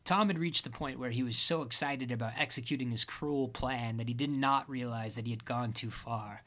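A man reads a first-person story aloud with a wry, deadpan delivery. His voice is bright and forceful, at a middle pitch. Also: normal speed, hardly any pauses. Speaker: audiobook narrator. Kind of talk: first-person audiobook narration.

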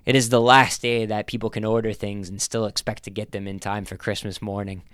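Deadpan man reading a story. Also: lowish voice, fairly quick, smooth, no room sound, studio quality. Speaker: narrator. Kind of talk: first-person story reading.

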